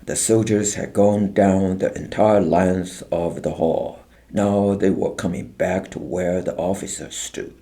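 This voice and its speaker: Slow, gravelly male audiobook narrator. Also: low voice, steady tone, mellow.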